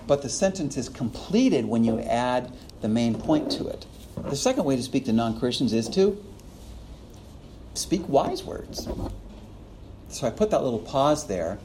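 A man lecturing a class, his pitch rising and falling in a lively way. His voice is mellow and warm. He chuckles often and acts out little quotes, with a faint room hum behind him. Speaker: preaching instructor.

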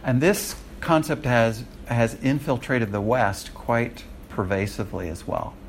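An American man gives a classroom Bible lecture in a mid-pitched, conversational voice. He keeps the class engaged with frequent check-ins. Faint noise sits under the recording. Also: measured pace. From United States. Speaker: Bible teacher.

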